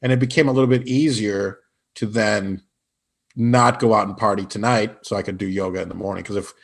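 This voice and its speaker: A man from Illinois, an improv comedian, telling lively anecdotes as a podcast guest and acting out the people he quotes. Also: on the low side, brisk, vocal fry. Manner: animated anecdotes with put-on quoted voices. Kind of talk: casual storytelling interview.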